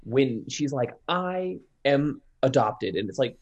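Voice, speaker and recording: A man's voice: medium pitch, expressive, takes it slowly, lo-fi sound. A man in casual chat about movies, enthusiastic, swearing freely and saying "like" a lot. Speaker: podcast co-host.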